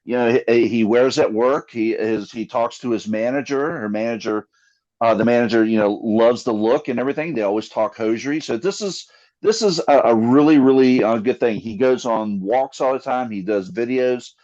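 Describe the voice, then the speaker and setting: A man co-hosting a casual podcast, animated and joking, with lots of fillers. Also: medium pitch, moderate pace. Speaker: podcast co-host. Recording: slightly dull lo-fi mic.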